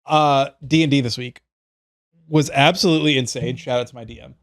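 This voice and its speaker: A man co-hosting a podcast and retelling stories in loose casual chat. He swears freely, laughs often and rambles with lots of fillers. His voice sits at a middling pitch for a man. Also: brisk. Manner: profane, laughing, rambling storyteller. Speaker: podcast co-host.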